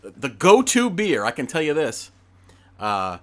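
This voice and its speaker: A middle-aged man co-hosting a casual podcast conversation. His voice swoops widely, jumping into high excited tones whenever something surprises him. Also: measured pace. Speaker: podcast co-host. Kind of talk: casual chat.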